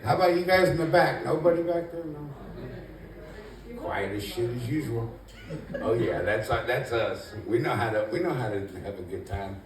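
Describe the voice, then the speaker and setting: This medium-pitched man speaks at a normal speed with lively intonation. A first-timer at stand-up, he gives a relaxed, rambling comedy club routine that's self-deprecating and thick with "you know." A distant mic catches him in an echoey, noisy club room.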